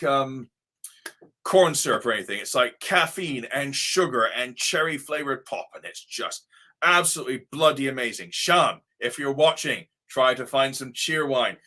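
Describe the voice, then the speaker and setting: Bright-voiced man, mixed English-Midwestern accent. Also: medium pitch. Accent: mixed English RP, Devon and Midwestern American. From Ohio. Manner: chatty and rambling, with frequent fillers and mild swearing. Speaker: livestream host. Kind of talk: casual chat reading viewer comments.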